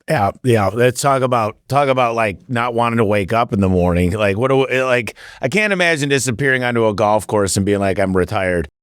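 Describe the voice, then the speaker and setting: A man hosts a podcast in a relaxed, conversational way, with a smooth, resonant voice at a middle pitch. The room sounds dry and close. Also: brisk, few pauses, no echo. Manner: conversational, recounting anecdotes. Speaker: podcast host. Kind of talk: casual interview talk.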